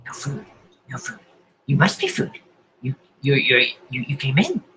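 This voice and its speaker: A man's voice: mid-range voice, wildly swooping pitch, moderate pace, sharp tone, slight background noise, rough recording. A man voicing a crazed, hungry creature that speaks into people's minds, muttering and repeating itself in a half-whispered, sporadic way. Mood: insistent.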